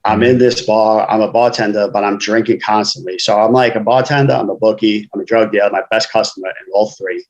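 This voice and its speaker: A man's voice: on the low side, steady tone, fairly quick, few pauses, rough recording. A man, a guest author telling his life story frankly in casual conversation, often saying "you know".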